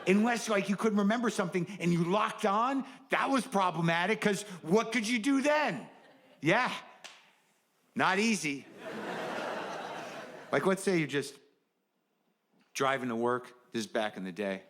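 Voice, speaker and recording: A man's voice: high-pitched, animated, unhurried, long pauses, a bit bright, a little hiss or hum. A middle-aged man doing a stand-up comedy set, riffing in a wry, sardonic, conversational way.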